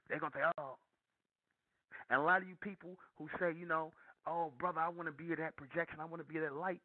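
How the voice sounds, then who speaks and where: A man's voice: on the high side, no room sound. A man preaching in a monologue, emphatic and repeating lines for stress. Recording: dry tinny phone-like audio.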